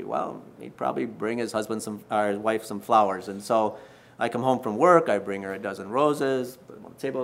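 A man in his sixties preaching to husbands in a folksy storytelling manner, with restarts and gentle self-mockery. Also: on the low side, brisk, creaky. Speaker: pastor. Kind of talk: sermon to married men.

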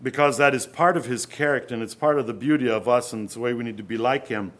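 A man preaching an earnest sermon, often dropping to a hush and then rising to loud emphasis. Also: mid-range voice, fast talker.

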